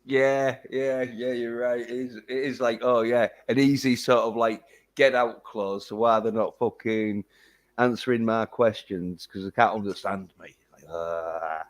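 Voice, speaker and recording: A man's voice: medium pitch, fairly even intonation, a little slow. A man with a British accent hosting a casual livestream chat, chatty and swearing casually. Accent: British English. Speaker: livestream host.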